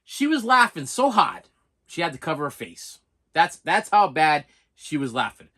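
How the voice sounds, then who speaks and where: Guy in his 40s rambling through a funny story, bright voice, pitch bouncing all over. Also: normal speed. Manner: animated, self-mocking, repeats "listen", stammers. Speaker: vlogger. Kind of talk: casual storytelling.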